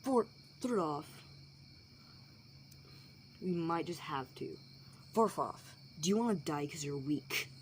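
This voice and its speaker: A woman's voice: low-pitched, expressive, slow pace, long pauses, a little hiss or hum. A woman voicing a blunt, fearless young male ninja who talks in an offhand, uncaring way. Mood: stern.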